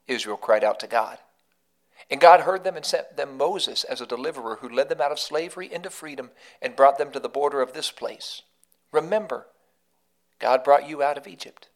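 A man hosting a devotional podcast, telling a story in an earnest, emphatic way that leans on repetition. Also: on the high side. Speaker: podcast host and devotional speaker.

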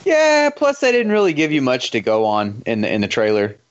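A man co-hosting a podcast, chatting casually, blunt and quick to laugh. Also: mid-range voice, wildly swooping pitch, lo-fi sound. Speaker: podcast co-host. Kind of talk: casual chat.

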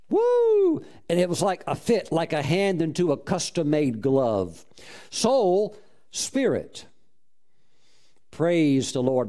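Animated preaching man. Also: a little high. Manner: animated, exclaims and praises often. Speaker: pastor. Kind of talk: sermon storytelling.

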